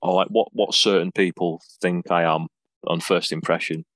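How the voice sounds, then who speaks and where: A man's voice: deep voice, steady tone, normal speed, a bit bright, no room sound. A man from England, a wrestler telling stories in a casual podcast interview, rambling and self-deprecating with many ums. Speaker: wrestler guest.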